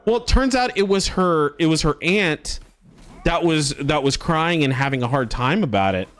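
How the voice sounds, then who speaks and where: A man's voice: fairly high pitch, lively intonation, moderate pace, a bit bright, soft background music. Rambling, swearing male streamer telling stories. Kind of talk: casual storytelling chat to a live stream.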